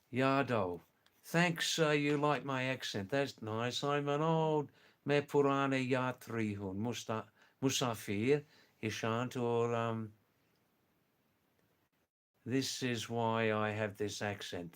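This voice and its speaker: An older retired man from England and Australia chats to his live stream viewers. He speaks at an unhurried, slow pace in a mid-range voice. He repeats himself gently as he reads their messages. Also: mid-range voice, clean tone. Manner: slow, gentle and repetitive, often says "you know" and "yes". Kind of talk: live stream chat reading viewer comments.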